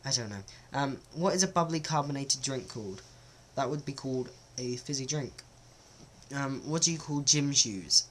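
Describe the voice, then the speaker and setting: A man's voice: mid-range voice, moderate pace, a little hiss or hum. A man talks casually to camera in a vlog, hesitant and self-conscious, with many ums. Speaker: vlogger. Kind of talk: casual accent-test vlog.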